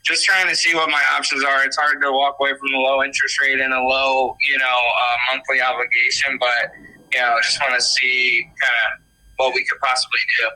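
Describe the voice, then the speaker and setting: A man in his thirties calling in to a podcast, speaking in a hesitant, halting way with many fillers. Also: mid-range voice, little pitch movement, pushed and bright, rough recording. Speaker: caller. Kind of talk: casual phone-in chat.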